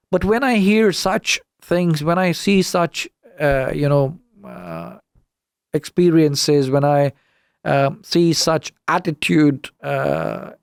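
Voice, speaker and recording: A middle-aged man from the UK, talking as a guest on an interview podcast. His voice sits slightly high and has a gravelly edge, and the room sound is dry and close. He tells stories with animated, indignant emphasis and acts out each side of the dialogue. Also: no echo. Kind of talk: casual storytelling interview.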